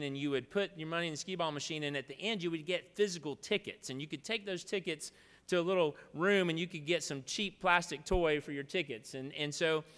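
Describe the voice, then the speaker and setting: A preacher, a man with a somewhat high voice, tells a homespun story in a loose, rambling way before turning to a solemn prayer. He speaks at a lectern microphone in a big legislative chamber. A long reverb trails each phrase. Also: fairly bright tone, smooth. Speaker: preacher giving the opening devotional.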